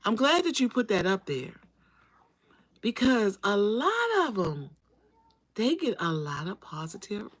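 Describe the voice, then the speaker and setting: This livestream host speaks in a medium-pitched, very animated voice, a little slow and with long pauses, over a faint hiss or hum. In casual chat she talks straight to her audience, greeting them by name and repeating phrases to drive them home.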